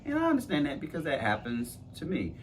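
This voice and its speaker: Man, conversational podcast co-host, animated pitch, tells stories by quoting himself, porch chat with faint outdoor hum. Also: fast talker. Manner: thoughtful, storytelling, quotes himself in lively voices. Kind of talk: casual conversation.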